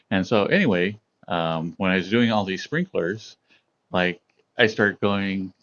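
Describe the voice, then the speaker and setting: A man's voice: low voice, moderate pace, dull audio. A man streaming, chatting casually and telling a story to his viewers, laughing often. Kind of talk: casual chat with chat readers.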